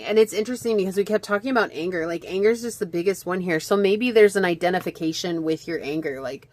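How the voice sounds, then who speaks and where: A woman's voice: on the low side, quick pace, few pauses, a little mellow. A woman giving a chatty, reflective pick-a-card tarot reading, full of fillers and asides, hiccuping at times. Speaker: tarot reader.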